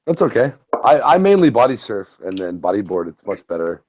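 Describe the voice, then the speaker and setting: A man telling stories in casual profane chat, animated and full of swearing. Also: on the low side, brisk. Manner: animated storyteller, swears a lot. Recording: muffled lo-fi audio.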